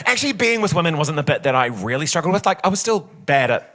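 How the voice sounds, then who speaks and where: A man performing stand-up comedy on a theatre stage, telling self-mocking stories in a camp, animated way. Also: a little high, fast talker. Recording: loud audience laughter in a theatre.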